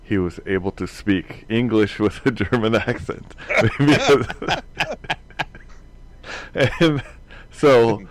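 A man's voice: lowish voice, extremely slow, pauses often. A man in a casual group chat, telling rambling anecdotes and chuckling often as he goes.

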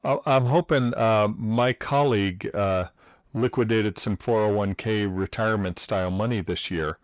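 A man's voice: fairly low pitch, moderate pace, dry recording. Dry-voiced man in his forties. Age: 40s. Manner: joking, puts on silly voices. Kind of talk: casual banter.

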